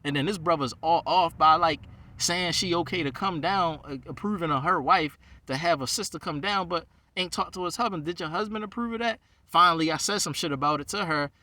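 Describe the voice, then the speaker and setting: Man ranting heatedly, bright and distant. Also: fairly high pitch, fairly quick, dry recording. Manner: heated, ranting, heavy swearing. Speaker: rabbi. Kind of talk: profane venting monologue.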